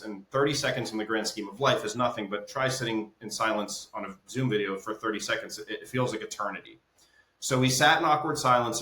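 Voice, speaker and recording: A man's voice: mid-range voice, pushed and bright. A male business consultant as an interview guest, explaining through stories and checking in with "right?". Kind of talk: conversational interview. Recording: roomy echo.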